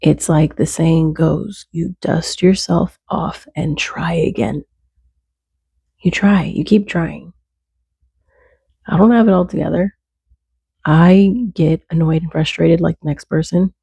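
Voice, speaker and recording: A woman's voice: sits low, steady tone, slow, gravelly, pauses often, mellow, husky, dry recording. A woman giving earnest, conversational faith encouragement, stacking short repeated phrases. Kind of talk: casual faith talk to camera.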